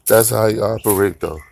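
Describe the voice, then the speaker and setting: A man's voice: lowish voice, gravelly, a little mellow, a little hiss or hum. A man hosting a casual morning commentary, rambling and profane, mocking his targets and laughing often. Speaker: commentary channel host.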